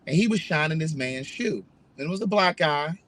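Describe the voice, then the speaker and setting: A man telling a story straight to his viewers in a casual vlog, pitched a little higher than most men. He talks emphatically and indignantly, with plenty of profanity. He calls out his audience directly as he goes. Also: animated, normal speed, a bit bright. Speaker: vlogger.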